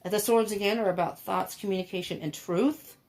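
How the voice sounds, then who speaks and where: A middle-aged woman talks through a tarot reading at an easy, chatty pace. She thinks aloud as she goes, fills pauses with ums and breaks into frequent small laughs. Her voice sits at an ordinary middle pitch. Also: fairly even intonation, darkish tone. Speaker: tarot reader. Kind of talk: casual tarot reading to camera.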